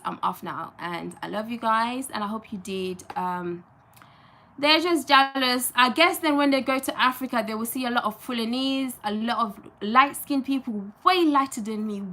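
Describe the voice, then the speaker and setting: A woman's voice: on the high side, pushed and bright, slight background noise. A young woman from Gambia chatting on a live stream, emphatic and chatty, often repeating phrases for stress. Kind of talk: casual live-stream chat.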